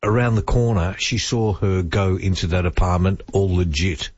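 A man's voice: deep voice, normal speed, darkish tone, no echo. A man with an Australian accent, co-hosting talk radio in a jokey, teasing way. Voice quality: husky. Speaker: radio co-host. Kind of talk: late-night talk radio banter. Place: radio studio. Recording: dull, muffled broadcast sound.

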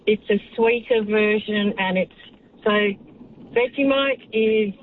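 A woman's voice: medium pitch, slow. A woman calling a radio show, friendly and explanatory. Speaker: caller. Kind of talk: phone-in chat. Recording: tinny phone line, faint noise.

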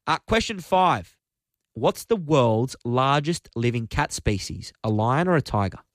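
A man hosting a live radio quiz, upbeat, friendly and brisk. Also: mid-range voice, very animated, no room sound, clean studio sound. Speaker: radio host. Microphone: studio microphone.

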